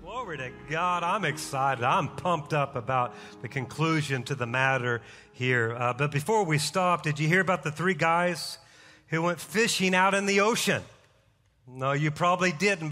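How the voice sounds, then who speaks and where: A middle-aged pastor preaches with energy, mixing jokes into his sermon. His voice sits high and bright. A long hall reverb from the church sanctuary trails each phrase. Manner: energetic, joking storyteller.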